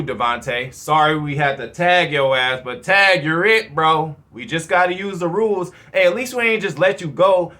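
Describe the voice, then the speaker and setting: A man in his thirties hosts his own football fan channel, rambling loosely and swearing plenty. His slightly high voice sounds bright and forward, and he keeps his casual commentary animated.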